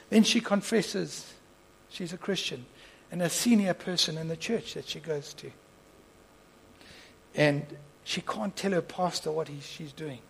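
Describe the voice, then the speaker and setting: Man, preacher, storytelling sermon, gravelly, husky, swings from soft to impassioned. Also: high voice, poor audio. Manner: lively storyteller, swings from soft asides to loud impassioned peaks; acts out dialogue in the story.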